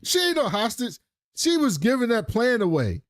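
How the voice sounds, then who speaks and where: Animated man recapping a show. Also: extremely high pitch, moderate pace, no room sound, studio quality. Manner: animated, profane, acts out quotes in funny voices. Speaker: podcast co-host. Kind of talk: casual recap chat.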